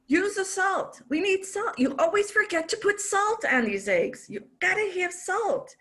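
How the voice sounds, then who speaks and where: A panicky, bossy husband squawks orders in a high, jumpy voice that leaps all over the place, as a woman puts him on in a joke. He nags without pause, sharp and bright, over a video call. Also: animated, exaggerated voice. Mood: frantic, bossy. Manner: shrill, rapid, nagging. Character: fussy frantic husband at the stove.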